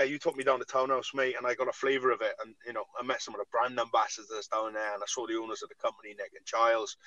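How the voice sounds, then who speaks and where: Forceful, chatty man on a podcast. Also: medium pitch, dry recording, highs cut off. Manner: enthusiastic, peppers talk with "mate" and "you know what I mean". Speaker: podcast co-host. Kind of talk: casual chat.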